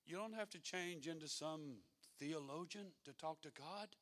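Male preacher, sermon, folksy and conversational, bright forceful tone. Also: on the high side, a little slow, hardly any pauses. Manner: folksy and conversational, rising to fervent exhortation.

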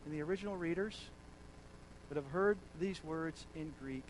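A man preaching a sermon, dropping to hushed tones and then rising to loud, emphatic declarations. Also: on the high side, normal speed, slight background noise, rough recording.

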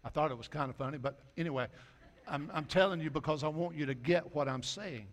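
A man preaching a sermon in a folksy way, dropping his voice low and soft for quoted lines. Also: fairly quick. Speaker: pastor.

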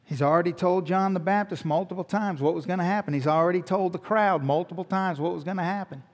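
A male pastor with a high voice preaches quickly in a church sanctuary's large hall. He teaches in a conversational way, asking rhetorical questions and restarting his phrases.

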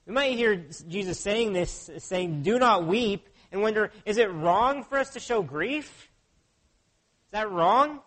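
A man's voice: high voice, expressive, unhurried, a bit bright. A pastor preaching a sermon in an earnest way, often putting questions to his listeners.

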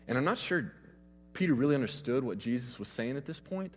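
A man's voice: mid-range voice, expressive, fairly quick, big-room sound, a little hiss or hum. A man preaching a sermon, retelling scripture in a casual, conversational way.

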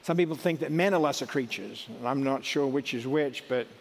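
A man's voice: mid-range voice, normal speed, long reverb tail, a little hiss or hum. A middle-aged man giving a sermon in a conversational, folksy way, with asides and restarts. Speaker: preacher.

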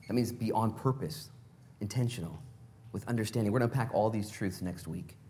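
A man's voice: fairly low pitch, fairly quick, long pauses, mellow, a little hiss or hum. A male pastor preaching a sermon in a casual, conversational way, full of rhetorical questions.

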